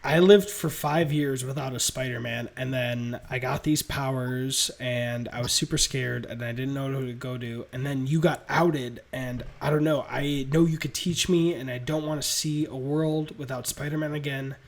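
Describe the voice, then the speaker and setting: A man's voice: medium pitch, steady tone, normal speed, few pauses, lightly acted. A man voicing a scared teenage boy superhero who rambles out an apology and a plea for help. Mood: earnest.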